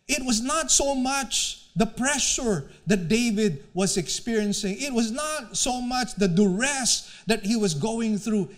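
A man preaching a sermon as pastor, slow and deliberate, repeating his key phrases for emphasis. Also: extremely high pitch.

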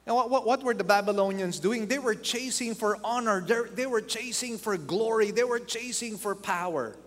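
A man's voice: high voice, moderate pace, fairly bright tone. A man preaching a sermon as pastor, acting out quoted voices and repeating key phrases for emphasis. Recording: long hall reverb.

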